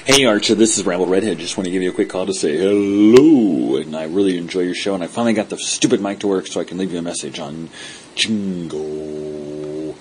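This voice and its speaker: Deep-voiced man leaving a cheery voicemail. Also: a little fast, darkish tone, a little hiss or hum. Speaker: caller. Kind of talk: voicemail message to a podcast.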